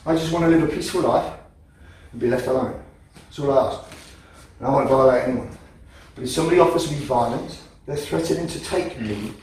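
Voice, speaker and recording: A man's voice: mid-range voice, a little hiss or hum. A man teaching a self-defense class in a training hall, blunt and profane, driving his points home with emphasis. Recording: echoey hall from a distance.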